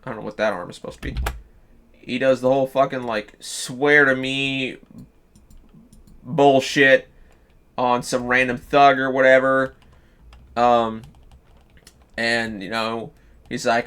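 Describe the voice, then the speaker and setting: A man streaming live, pitching a story in loose casual chat, swearing freely and restarting sentences. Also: flat delivery, slow pace, long pauses, fairly bright tone, clean tone. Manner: profane, loose, full of fillers and restarts.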